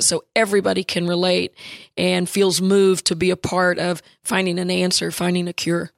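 A woman basketball coach interviewed as a guest, telling a story reflectively, often pausing on fillers and restarting phrases. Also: on the low side, creaky, dry recording, clean studio sound.

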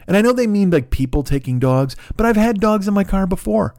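Middle-aged guy ranting and swearing on his podcast, kinda high voice, jumps all over, dry close mic. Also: brisk, dry recording. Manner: profane, ranting, animated storytelling. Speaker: podcast host. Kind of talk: solo comedic monologue.

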